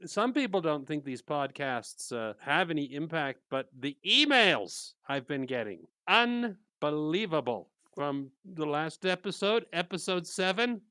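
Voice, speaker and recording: A man's voice: fairly high pitch, very animated, measured pace, few pauses, bright, forceful tone, smooth, no echo. A man hosting a podcast, chatting casually and telling stories, acting out the voices he quotes. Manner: storytelling, acts out quoted voices. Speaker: podcast host. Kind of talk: casual chat.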